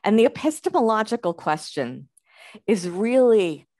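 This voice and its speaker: A woman's voice: medium pitch, sing-song, normal speed, dark tone, no room sound. A woman, giving an academic lecture in a conversational way, thinking aloud with fillers and restarts. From United States.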